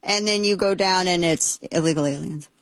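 A woman hosting a talk show, giving comedic political commentary in a sarcastic, excitable, animated way. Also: fairly low pitch, normal speed, no echo.

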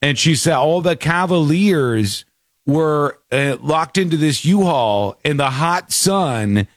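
A man hosting a talk show, chatting casually in a rambling, animated way and laughing often. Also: a little high, slow pace, dry recording, clean studio sound. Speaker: radio show host.

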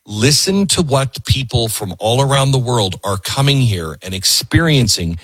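Husky guy pausing clips to rant, bright punchy voice, swoops up and down a lot. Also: mid-range voice, animated, no echo. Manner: emphatic, stops clips to comment. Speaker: host reacting to clips. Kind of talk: fired-up commentary.

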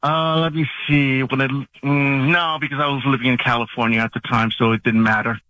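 Combative male caller, bright tense voice. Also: mid-range voice, little pitch movement, fairly quick, dry recording, rough recording. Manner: defensive and combative. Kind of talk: heated call-in argument.

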